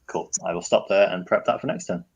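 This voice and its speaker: A man's voice: sits low, quick pace, slightly rough. A man playing a tabletop game, thinking aloud about his moves. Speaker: player. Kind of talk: casual tabletop game chat. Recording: dull lo-fi mic.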